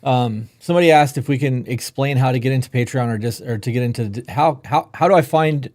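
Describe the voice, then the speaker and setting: A man's voice: mid-range voice, fairly quick, darkish tone, no echo, clean studio sound. A man co-hosting a live podcast, talking frankly and swearing casually as he reads out viewer questions. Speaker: podcast co-host.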